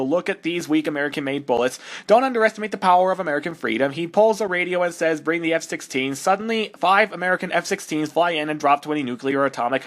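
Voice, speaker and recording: A man's voice: a little high, fairly bright tone, close to an everyday voice. Sonic, a man voicing a cocky sarcastic hedgehog. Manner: sarcastic, exasperated mockery of the text. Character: cocky young male hedgehog hero. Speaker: fan fiction reader. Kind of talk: comedic fan-dub reading.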